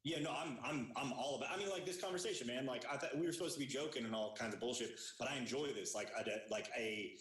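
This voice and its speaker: A man's voice: medium pitch, fast, hardly any pauses, fairly bright tone, recorded from a distance. A man hosting a comedy podcast, talking in a rambling, hesitant, thoughtful way. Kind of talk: casual podcast chat. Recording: echoey room, voice off mic.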